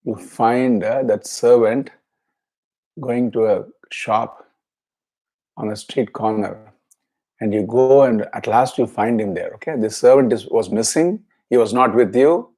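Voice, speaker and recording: A man teaching a scripture class, explaining each word slowly and chanting verses twice. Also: medium pitch, warm tone.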